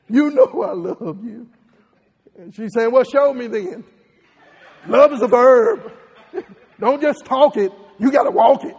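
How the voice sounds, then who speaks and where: A man preaching a sermon as pastor, animated and laughing often, leading the congregation in repeating phrases. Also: extremely high pitch, slow pace, long pauses, breathy edge, in a large hall, dull audio. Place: church.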